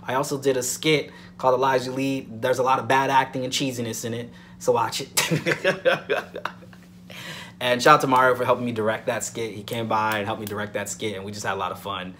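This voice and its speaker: Man, mid-pitch, chatty soap vlogger, faint hum in the background. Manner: animated, repeats himself, addresses viewers as guys. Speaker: soap opera reviewer. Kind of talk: casual vlog review.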